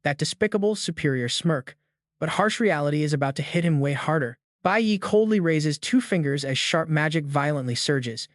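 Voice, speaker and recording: A man's voice: fairly high pitch, animated, moderate pace, no echo, studio quality. A man narrating a comic recap in a dramatic, emphatic storytelling manner.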